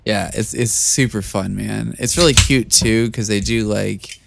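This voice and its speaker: A man's voice: lowish voice, fairly even intonation, measured pace, gravelly, background noise. A man co-hosting a casual podcast chat, rambling and laid-back, swearing casually. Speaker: podcast co-host.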